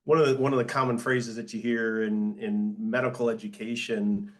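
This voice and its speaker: A man's voice: lowish voice, little pitch movement, normal speed. A man with a Michigan accent, an audiologist guest on a podcast, chatting casually with many restarts. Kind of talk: casual chat.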